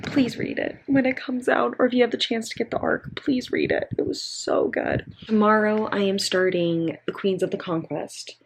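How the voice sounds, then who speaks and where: A woman's voice: medium pitch, steady tone, normal speed, creaky, hardly any pauses, a little hiss or hum. Young woman book vlogger, chatty, gushing, casual vlog talk. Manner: chatty and gushing, lots of "really" and "like".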